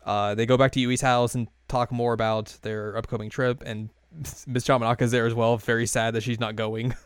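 A man casually recapping an anime episode in a loose, rambling way, with lots of fillers and quick quoted lines. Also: medium pitch, little pitch movement, clean tone, no echo, studio quality. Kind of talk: casual chat.

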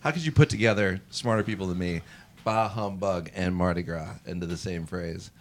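A man's voice: low-pitched, moderate pace. A man hosting a podcast, rambling in a jokey way with many fillers. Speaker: podcast host.

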